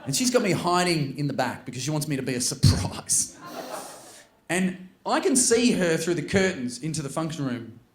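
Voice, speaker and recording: Australian male stand-up comic, slightly high pitch, animated storyteller, echoey venue. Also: normal speed. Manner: animated, jumps into loud character voices. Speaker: stand-up comedian. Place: comedy stage. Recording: roomy venue with faint noise.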